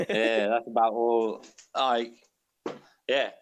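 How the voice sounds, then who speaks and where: Guest on a call, blunt sweary ranting, faint background noise. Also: male voice, mid-range voice, little pitch movement, slow pace, poor audio. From Britain. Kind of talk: casual chat.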